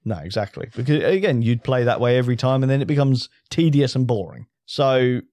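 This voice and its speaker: A man's voice: mid-range voice, brisk, mellow, no room sound. A man co-hosting a casual board game chat, enthusiastic and rambling, often restarting his sentences. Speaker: co-host reviewing a board game.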